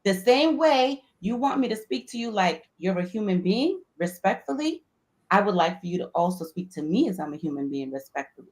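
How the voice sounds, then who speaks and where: A woman's voice: mid-range voice, big pitch swings, a little fast, a little mellow. A woman co-hosting a live online panel talk, speaking bluntly and emphatically with plenty of slang. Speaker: co-host.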